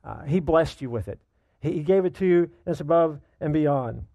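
A man's voice: on the high side, expressive, normal speed, mellow, no room sound. A middle-aged male pastor preaching a sermon, emphatic, repeating key lines for weight.

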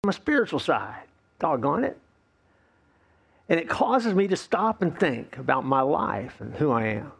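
A male pastor preaching a playful, animated sermon, acting out the voices of complaining people. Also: fairly high pitch, a little slow, gravelly, breathy edge.

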